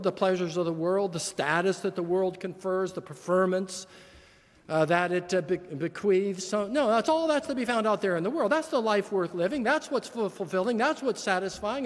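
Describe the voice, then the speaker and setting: A man's voice: sits high, moderate pace. An older man preaching a sermon as pastor, earnest and emphatic, building points through repetition. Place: church sanctuary. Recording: long church reverb.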